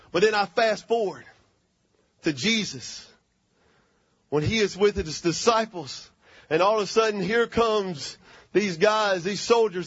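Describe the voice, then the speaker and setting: Fervent preacher man, high voice. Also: a bit bright, no room sound, dull audio. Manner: fervent, calls for amens. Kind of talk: sermon.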